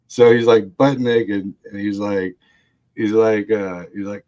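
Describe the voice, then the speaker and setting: A man's voice: lowish voice, fairly even intonation, slow pace, warm tone, highs cut off. A man telling a wild family story in casual chat, laughing often, swearing freely and mimicking the people he quotes. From Texas. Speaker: guest storyteller.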